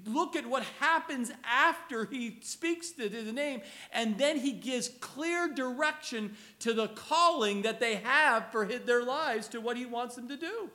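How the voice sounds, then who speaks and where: A man's voice: very high voice, unhurried, few pauses, sharp tone. A man preaching a conversational sermon, reading scripture aloud and repeating phrases as he talks. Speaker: pastor.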